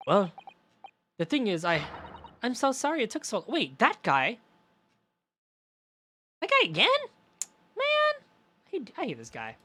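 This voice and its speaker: A woman's voice: on the high side, wildly swooping pitch, unhurried, pauses often, pushed and bright, a little hiss or hum. A woman streaming a video game, reading the dialogue aloud in character voices and cursing in her asides. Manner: swings between character voices and swearing asides. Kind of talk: live game playthrough with read-aloud dialogue.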